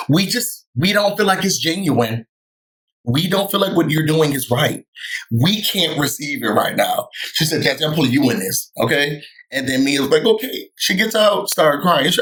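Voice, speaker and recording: A man's voice: fairly high pitch, rough recording. Sassy man recapping reality TV. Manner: sassy, animated storytelling, acting out quoted lines. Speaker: recap vlogger.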